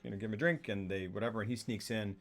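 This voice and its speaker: A man's voice: lowish voice, fairly even intonation, rapid-fire, faint music behind. A man co-hosting a casual film talk show, recapping a plot in a rambling way and acting out the characters' lines. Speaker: podcast co-host. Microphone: streaming mic.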